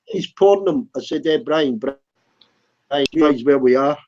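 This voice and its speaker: In a casual, comic anecdote, a man tells a rambling pub story and acts out the quotes. His voice is fairly high-pitched and darkish, with lively intonation and an unhurried pace, heard on a dull lo-fi recording.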